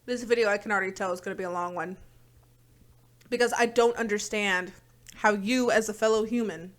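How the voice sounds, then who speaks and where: A woman's voice: medium pitch, fairly even intonation, brisk. A woman hosting a reaction video, talking in blunt, profane, exasperated rants. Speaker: reaction channel host. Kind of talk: casual reaction commentary.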